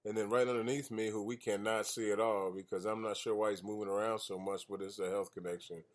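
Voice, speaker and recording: A man's voice: on the low side, fairly even intonation, fast talker. A man hosting an independent radio show over a video call, chatting loosely with lots of fillers and restarts. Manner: rambling, loose and joking, with many fillers and restarts.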